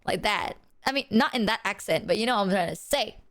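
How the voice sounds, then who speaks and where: A young woman streamer telling a story to her chat in a casual, animated way, full of "like" and the odd swear word. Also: medium pitch, fairly quick, no echo, studio quality. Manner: animated, chatty, heavy filler "like", swears.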